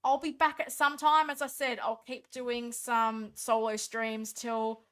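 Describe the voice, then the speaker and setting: Australian woman, stream host, tired late-night chat, higher pitched, bright tone, reads and answers comments. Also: little pitch movement, a little slow, smooth. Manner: reads viewer comments aloud and answers them, chatty and thankful. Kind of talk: casual live-stream chat.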